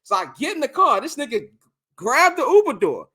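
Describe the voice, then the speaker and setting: Very high-voiced and a little fast, a young male podcast co-host launches into a long, casual story full of swearing. He stays animated throughout, impersonating the others and acting out their back-and-forth.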